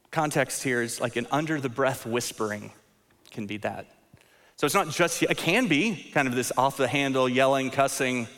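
A man in his thirties delivers a sermon in a relaxed, conversational way, poking fun at himself and often doubling words as he restarts a thought. His voice sits in a middle pitch. A long reverb trails behind him, as in a large church sanctuary. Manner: conversational, self-deprecating, repeats words when restarting. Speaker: pastor.

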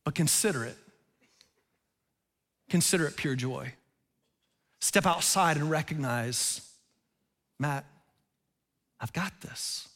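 A male pastor preaching a sermon, telling stories in an animated way and laughing at himself. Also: a little high, big-room sound.

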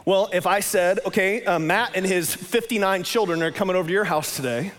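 A man's voice: high voice, brisk, a bit bright, long reverb tail. A man preaching a sermon in a casual, conversational way, often tossing in "man" as he talks. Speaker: pastor.

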